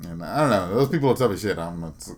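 Young guy, lowish voice, swears a lot, casual sports podcast banter. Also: expressive, quick pace, slight background noise. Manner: blunt, profane and laughing. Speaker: podcast co-host.

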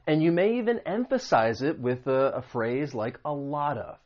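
A man's voice: medium pitch, lively intonation, normal speed, muffled recording. A man teaching English vocabulary, explaining meanings and pronunciation patiently with spoken examples. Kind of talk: vocabulary lesson.

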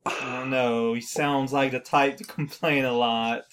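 A man's voice: mid-range voice, steady tone, measured pace, a bit bright, a little hiss or hum. A man playing a tabletop game, joking and arguing casually and laughing often. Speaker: player.

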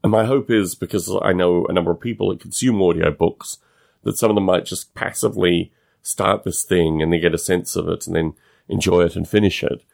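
Man with a non-American English accent, podcast host, deep voice, gravelly fry, halting casual musing. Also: steady tone, darkish tone. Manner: musing, halting, with frequent restarts. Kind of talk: casual solo monologue.

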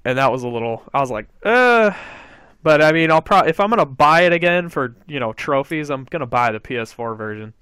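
A man hosting a casual gaming podcast, excitable and swearing freely as he acts out what others said. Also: on the high side, a little fast, clean tone, dry recording. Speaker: podcast host.

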